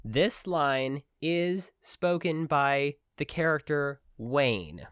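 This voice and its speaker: A man's voice: on the high side, lively intonation, very slow, a bit bright, smooth, no echo. A man co-hosting a podcast who runs a game and teases his co-host in a dry way. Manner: teasing, dry. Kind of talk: casual chat.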